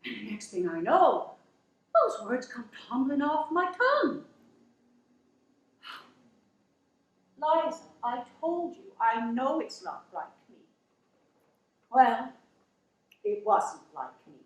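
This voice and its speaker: Woman playing a down-to-earth wife, earnest storytelling, slow delivery, roomy echoing room. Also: high voice, big pitch swings, heavily acted. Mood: resolute. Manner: slow, emotional, earnest retelling. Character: down-to-earth working wife finally standing up. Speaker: actress in a stage monologue. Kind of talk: dramatic monologue storytelling.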